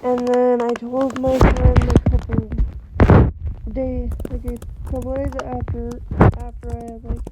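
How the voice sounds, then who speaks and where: A young woman talking through tears in a personal vlog, halting and emotional, her voice breaking. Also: little pitch movement, very noisy. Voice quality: high soft voice, halting and tearful. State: crying.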